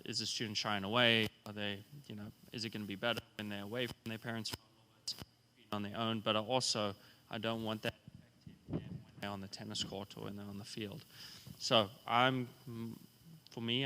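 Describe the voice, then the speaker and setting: Panel coach, bright, flat-ish delivery, candid and rambling, faint room hum. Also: male voice, fairly low pitch. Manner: candid, rambling, quotes himself. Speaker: college tennis coach. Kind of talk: panel discussion. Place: event hall.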